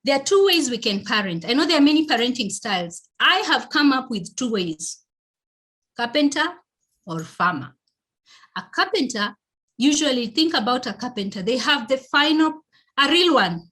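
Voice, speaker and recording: A woman's voice: fairly high pitch, expressive, normal speed, a bit bright. Emphatic Kenyan woman giving a parenting talk. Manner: emphatic, repeats key phrases, checks in with listeners. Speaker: parenting speaker. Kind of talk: motivational parenting presentation.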